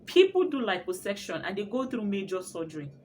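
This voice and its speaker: A young woman telling her birth story in a casual vlog, expressive and often laughing as she talks. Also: medium pitch, fairly quick, slight background noise.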